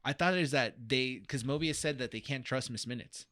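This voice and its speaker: A man's voice: medium pitch, a little fast, bright, forceful tone. A man co-hosting a casual show talk podcast, chatting with friends and giving his recommendations. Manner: hesitant, gives final recommendations. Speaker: podcast co-host. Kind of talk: casual chat.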